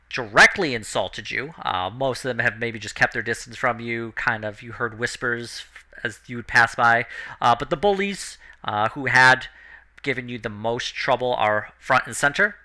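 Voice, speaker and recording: A man narrating as game master of a tabletop game, in a relaxed, loose way with fillers. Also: mid-range voice, a little slow.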